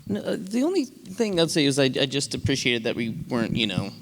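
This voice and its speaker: A man on a film panel speaking in a halting, understated way. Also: mid-range voice, very animated. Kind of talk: panel discussion. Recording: hall reverb on stage.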